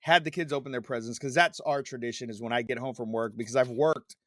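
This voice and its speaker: A man's voice: medium pitch, fast, dry recording, clean studio sound. Forty-year-old man telling profane stories. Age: 40s. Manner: profane, animated storytelling. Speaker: podcast host. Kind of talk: casual chat.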